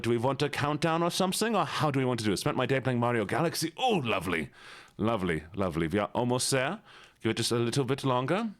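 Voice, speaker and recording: A man streaming live, casually chatting and playfully greeting his viewers one by one. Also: mid-range voice. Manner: chatty and joking. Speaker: livestreamer. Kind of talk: casual livestream chat.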